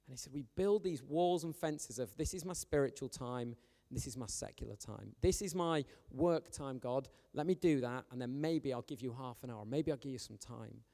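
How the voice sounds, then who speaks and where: A man's voice: medium pitch, brisk, warm tone. Man preaching in a reverberant hall. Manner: conversational, filler-heavy, acts out quoted voices. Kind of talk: sermon. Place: church hall. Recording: church hall with long reverb.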